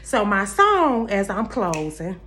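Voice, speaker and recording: A woman vlogger with a medium-pitched, very animated, sharp voice speaks slowly and candidly to her viewers, calling them y'all. Her heartfelt, faith-based motivational talk about positivity is emphatic, repeating phrases the way a preacher would.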